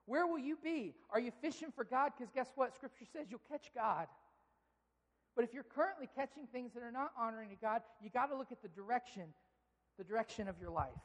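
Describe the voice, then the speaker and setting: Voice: mid-range voice, brisk. Preacher telling a story in a reverberant hall. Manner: storytelling, acting out dialogue, rambling restarts. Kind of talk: sermon with a personal story.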